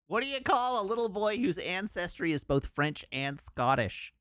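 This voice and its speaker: Streaming a video game from home, a man chats casually and tells cheesy puns into a desk microphone. His voice is high and smooth with a fairly bright tone, swinging widely in pitch at a moderate pace, and the recording is dry and studio-clean.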